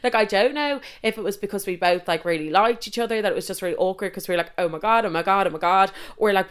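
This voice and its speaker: Young woman, Irish accent, casual storyteller, sweary, chatty, lowish voice. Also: clean tone. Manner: chatty, swears a lot, constant "like".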